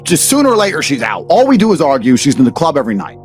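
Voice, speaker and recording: Brash British man, podcast guest, rapid lively delivery, faint music behind. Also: a little high. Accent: British English. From England. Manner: brash, profane, emphatic. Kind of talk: blunt storytelling and ranting.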